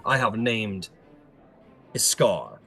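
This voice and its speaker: A man voicing a formal, measured male giant captain. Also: lowish voice, big pitch swings, creaky, pushed and bright, breathy edge, faint music behind, full character voice.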